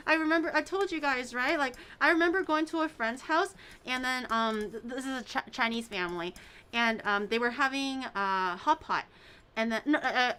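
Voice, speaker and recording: A woman's voice: sits high, fairly bright tone, clear, resonant tone. A woman hosting a baking video, chatting casually and rambling through stories with the odd swear. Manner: rambling storyteller, swears casually, many fillers. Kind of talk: casual chat while baking.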